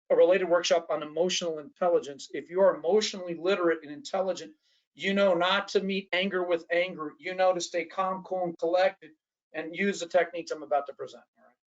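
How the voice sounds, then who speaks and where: Lecturing at a training workshop, a man speaks briskly in a high voice with a steady tone, and the audio sounds dull. He's animated, frequently starts his sentences over, and performs the voices of those he quotes.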